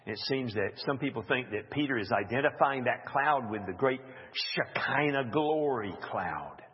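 This Bible teacher has a mid-range, animated voice with a breathy edge, yet he moves slowly, musing aloud through an informal study and reading scripture with offhand asides. A long hall reverb hangs over the dull, lo-fi recording.

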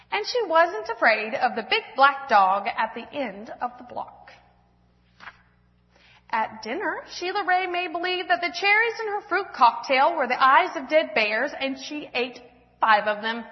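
High-voiced woman reading in an echoey church. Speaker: church speaker. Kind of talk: reading a children's storybook aloud to a congregation. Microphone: handheld or stand mic. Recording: echoey church hall, dull sound.

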